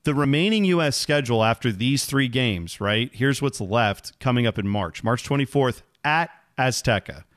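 A man co-hosting a casual soccer podcast, his voice sitting at an ordinary middle pitch. He talks things through loosely and jumps up in pitch when he's exasperated. The sound is dry and close, with no room around it. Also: expressive, normal speed, hardly any pauses, a bit bright, no echo. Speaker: podcast co-host. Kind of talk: casual sports chat.

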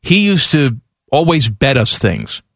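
A man's voice: medium pitch, unhurried, dry recording, clean studio sound. A man with a Chicago accent co-hosting a podcast, joking in casual sports banter. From Chicago area. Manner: joking, lively, playful voices. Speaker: podcast co-host.

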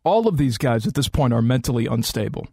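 A man's voice: medium pitch, very animated, fairly quick, gravelly, dark tone, breathy edge, no room sound, clean studio sound. A man co-hosting a talk radio show, chatting in a wry, self-mocking way. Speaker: radio co-host. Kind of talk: casual talk radio banter. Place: radio studio. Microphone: studio microphone.

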